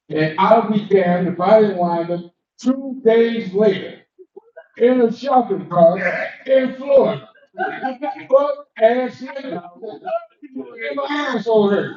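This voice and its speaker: A man doing a stand-up comedy set in a cigar lounge, telling stories and acting out the dialogue. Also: high-pitched. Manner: storytelling with acted-out dialogue. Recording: echoey room from far off, muffled. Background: live audience.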